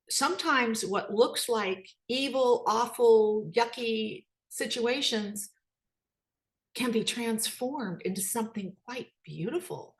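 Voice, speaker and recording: A middle-aged woman telling a story in a talk, animated and acting out the dialogue, with many ums and uhs. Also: a little high. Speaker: speaker.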